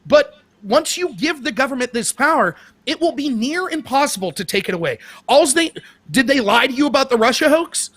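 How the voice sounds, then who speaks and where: Man, very high voice, dry close sound, argumentative, rhetorical questions. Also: expressive, brisk, fairly bright tone, no echo. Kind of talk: political commentary.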